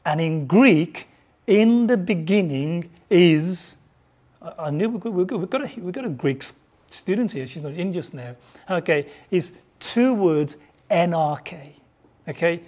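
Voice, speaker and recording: A preacher from Birmingham, England, with a softened Birmingham accent, delivering a sermon and putting questions to the congregation, often repeating words while thinking. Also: medium pitch, animated, unhurried. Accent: softened Birmingham English.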